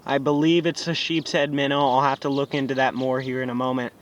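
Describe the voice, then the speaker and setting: An excitable man narrating his own fishing trip outdoors, talking to viewers and cheering at every bite. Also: mid-range voice, brisk, dull audio. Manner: excitable, gasps and cheers at bites. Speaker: fishing vlogger. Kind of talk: excited outdoor vlog commentary. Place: outdoors by a pool of water.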